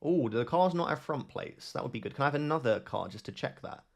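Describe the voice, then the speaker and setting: A man's voice: mid-range voice, expressive, quick pace, creaky. A man hosting his gaming channel, giving live gameplay commentary as he thinks aloud and keeps questioning himself.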